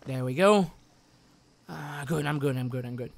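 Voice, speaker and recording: A man streaming a game live, commenting excitably, muttering and repeating himself, then bursting into loud yelps and swearing. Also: medium pitch, moderate pace, creaky, a little hiss or hum. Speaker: gaming streamer.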